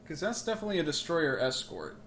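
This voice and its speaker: A man commenting casually on a submarine video game as he plays, drifting into jokes and rambling asides. His voice sits a little high, and a faint noise hums behind him on his makeshift mic setup. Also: big pitch swings, fast, a bit bright. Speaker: let's play host.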